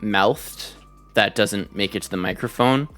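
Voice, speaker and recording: A woman narrating a tabletop role-playing game as game master, chatty and relaxed with many fillers. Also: rumbling low, measured pace, soft background music.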